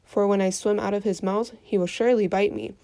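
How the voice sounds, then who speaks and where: A woman's voice: mid-range voice, steady tone, fairly quick, dark tone, dry recording, close to an everyday voice. A woman voicing a clever, daring young boy who cries out urgently in a storybook reading. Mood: shaky pleading.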